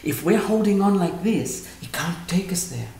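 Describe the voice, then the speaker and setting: In an echoey room, a high-voiced man with vocal fry speaks at normal speed, answering questions through stories. He's animated and performs the quoted lines of dialogue in different voices.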